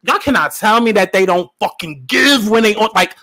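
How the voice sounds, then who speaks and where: A man's voice: high-pitched, lively intonation, normal speed, bright, forceful tone. A man giving casual pop culture commentary in a sassy, profane, emphatic way, repeating lines for punch. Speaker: commentary vlogger.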